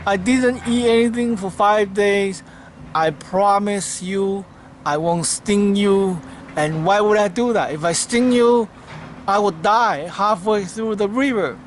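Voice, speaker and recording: A man's voice: slow pace, slight background noise. A man voicing a starving male scorpion in a spoken fable, crying out and pleading for help. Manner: shrill pleading cries.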